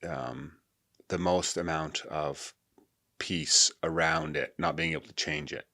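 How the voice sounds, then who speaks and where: A man hosting a podcast interview, offering slow, measured, reflective remarks. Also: rumbling low, steady tone, gravelly, bright, forceful tone. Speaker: podcast host. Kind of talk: interview conversation.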